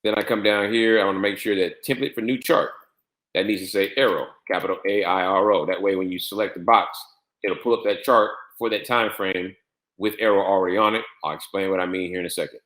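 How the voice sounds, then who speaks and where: A man with a fairly low voice walks through a software setup. He repeats key steps and spells out letters one by one. His voice echoes around the room. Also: steady tone, a little fast. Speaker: trading software instructor. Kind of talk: screen-share tutorial walkthrough.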